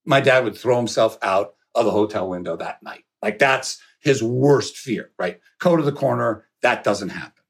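A middle-aged man telling a long anecdote with lively energy, swearing and laughing as he goes. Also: mid-range voice, normal speed, breathy edge. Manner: animated, swearing, laughing storyteller. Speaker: podcast guest. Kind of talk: storytelling anecdote.

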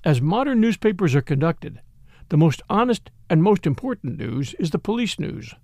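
A man narrating a mystery story in a measured, expressive storytelling manner. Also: high-pitched, dry recording.

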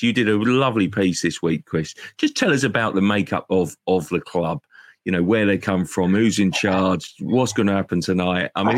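A man's voice: deep voice, no room sound, clean studio sound. A man hosting a football podcast, steering the chat and handing over to the panel. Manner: leads the discussion, hands over to guests.

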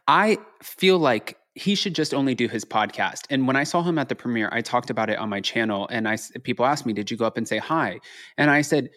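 A man's voice: mid-range voice, lively intonation, brisk, a bit bright. A man guesting on a podcast, talking bluntly and animatedly as he retells conversations. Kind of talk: casual chat.

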